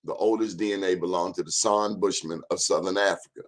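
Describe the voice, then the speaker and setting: A man's voice: low-pitched, fairly even intonation, fairly quick. A man in his fifties hosting an informal history talk, emphatic and repetitive, urging listeners to check the facts themselves. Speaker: host.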